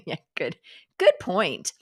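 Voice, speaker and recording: A woman's voice: medium pitch, slightly rough, no room sound, studio quality. Giggly woman host chatting on a stream. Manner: giggly, swears freely, chatty asides. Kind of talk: casual live-stream commentary.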